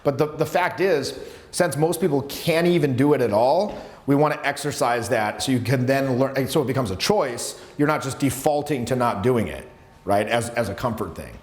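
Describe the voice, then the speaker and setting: A man coaching a live workshop on social skills, talking in an animated, emphatic way with many restarts. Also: mid-range voice, moderate pace. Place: seminar room with students. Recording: echoey room.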